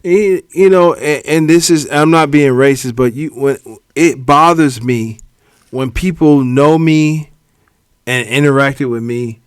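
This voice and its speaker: Guy on a podcast telling stories, acts out the quotes, slightly high voice, dry close sound. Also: measured pace, smooth, no echo. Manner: animated storyteller, acts out quotes. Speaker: podcast co-host. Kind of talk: casual chat.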